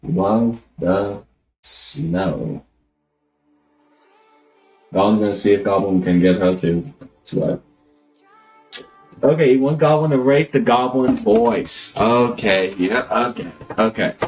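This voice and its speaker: A man's voice: on the low side, slow pace, long pauses, a little mellow, faint music behind. A man live streaming, chatting casually and rambling as he thinks aloud, always calling himself Goblin in the third person.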